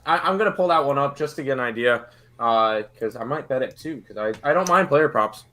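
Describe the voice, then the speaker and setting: A man's voice: medium pitch, lively intonation, fairly quick, sharp tone. A man giving casual basketball betting picks on a livestream, confident but rambling, often repeating words as he thinks. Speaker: betting analyst. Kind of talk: casual sports betting analysis.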